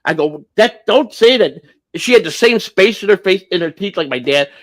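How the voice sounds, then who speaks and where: A man's voice: fairly high pitch, lively intonation, brisk, a bit bright. A man around sixty telling a family story on a livestream, blunt and profane, repeating and restarting as he goes. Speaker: livestream host.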